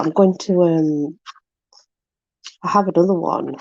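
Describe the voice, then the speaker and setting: A woman's voice: fairly low pitch, measured pace, vocal fry, a little mellow, no echo, muffled recording. A woman with a Yorkshire accent, casually reading old sayings aloud and bemused by them. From Yorkshire, England. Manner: amused, bemused, often laughing. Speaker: vlogger.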